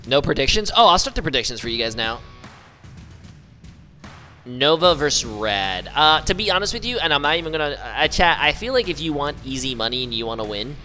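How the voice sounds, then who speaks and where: A man's voice: on the high side, big pitch swings, a little fast, sharp tone, faint music behind. A male streamer chatting casually and joking around, repeating words as he tries out pronunciations.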